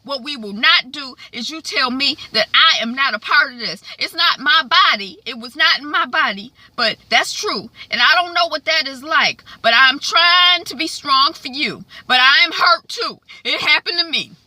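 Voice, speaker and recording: Woman putting on a frustrated young husband, emphatic, raised, sharp bright tone. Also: sits high, lively intonation, moderate pace, few pauses, dry recording, pitched above the performer's own voice, exaggerated voice. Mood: hurt. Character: hurt, frustrated young husband insisting on his grief.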